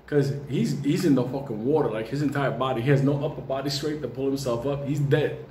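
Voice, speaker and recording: Profane New storyteller, animated. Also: male voice, medium pitch, brisk, a little hiss or hum. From New York. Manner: profane, animated, laughs often. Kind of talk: comic storytelling. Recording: roomy with faint ambience.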